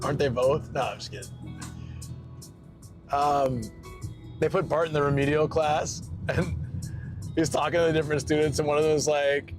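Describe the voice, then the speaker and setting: A man's voice: on the high side, steady tone, moderate pace, pauses often, over music. Rambling Scottish man chatting on stream. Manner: rambling, filler-heavy, laughs easily. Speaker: live-streamer. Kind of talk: casual live-stream chat while driving.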